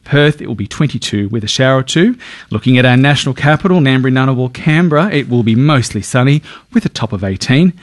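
Man reading the weather, lively. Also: no echo, clean studio sound. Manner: crisp read bulletin with lively pitch. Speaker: newsreader. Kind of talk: read news and weather.

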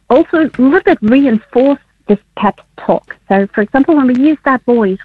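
A woman with a fairly high, breathy voice talks friendly and simply, laughing between points. She comes through a tinny, narrow phone line, as a guest on a radio show. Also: dry recording. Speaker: guest researcher.

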